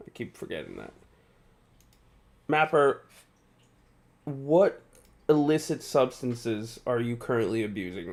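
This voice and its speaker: Over slight background noise, a medium-pitched man streams gameplay live and talks casually about it. He sounds tired yet chatty, often laughing as he reads and responds to his viewers' chat.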